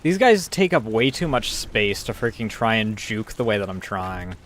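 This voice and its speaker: A man's voice: lowish voice, normal speed, fairly bright tone, a little hiss or hum. Swearing man streaming a game. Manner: swears freely, frustrated asides. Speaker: gaming streamer. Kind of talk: casual gameplay commentary.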